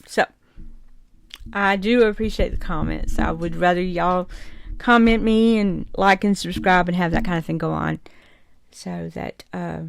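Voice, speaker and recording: A woman's voice: fairly low pitch, a little slow, creaky, no echo. An older woman from South Georgia with a Southern drawl, chatting to camera in a rambling, heartfelt way and chuckling often. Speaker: vlogger. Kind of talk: casual chat to camera.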